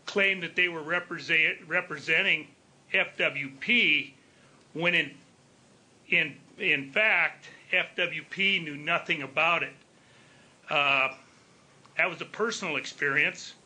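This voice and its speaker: Slow, bright-voiced man commenting. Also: fairly high pitch. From Montana. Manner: measured, deliberate, with frequent filler pauses. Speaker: public commenter for a wool growers group. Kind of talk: formal public comment. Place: remote line into a public meeting.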